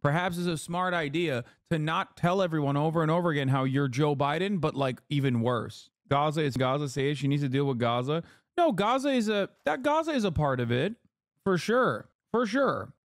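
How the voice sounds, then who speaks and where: A man's voice: fairly high pitch, lively intonation, normal speed, no echo, studio quality. A man streaming live, reacting to news clips with casual, profane, sarcastic commentary and mocking quoted voices.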